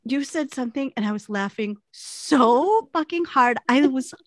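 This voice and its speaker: Woman, high voice, very lively pitch, animated, laughing, dry close sound. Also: measured pace, no echo. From American Midwest. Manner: animated, laughing, acts out quotes. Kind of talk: casual storytelling chat.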